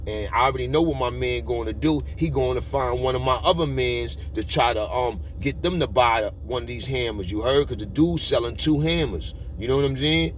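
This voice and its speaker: A man's voice: mid-range voice, a little hiss or hum. Slangy New man telling a street story. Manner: slangy, keeps checking in with "you heard?", frequent repeats. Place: on the move along a city street route.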